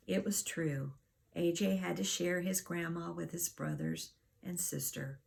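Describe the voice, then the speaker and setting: A woman's voice: on the low side, unhurried, creaky, darkish tone. A woman teacher reading a children's chapter book aloud, telling the story expressively.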